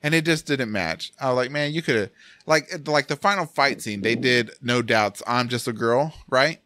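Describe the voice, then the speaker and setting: Excitable man chatting about movies. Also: mid-range voice, moderate pace, slight background noise. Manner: animated, rambling, laughs often. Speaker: podcast host. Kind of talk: casual movie review chat.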